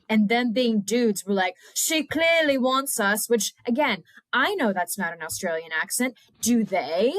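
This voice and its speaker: A woman's voice: a little high, no echo. A woman co-hosting a podcast, recapping a TV episode with blunt, wry, profane comments. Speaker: podcast co-host. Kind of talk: casual recap chat.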